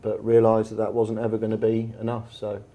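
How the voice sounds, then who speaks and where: Man, English, mellow low voice; anecdotal guest speaker at a bar event. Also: completely flat delivery, brisk. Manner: chatty, anecdotal, with frequent fillers. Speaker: football manager and guest speaker. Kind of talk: storytelling in an on-stage conversation. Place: bar event room with an audience.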